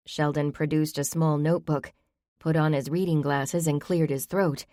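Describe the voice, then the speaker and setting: A woman narrates a story in a low voice with a light, wry touch. The recording is dry and close, with no room sound. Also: fairly even intonation, normal speed, warm tone, dry recording. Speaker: audiobook narrator. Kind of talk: scripted narration.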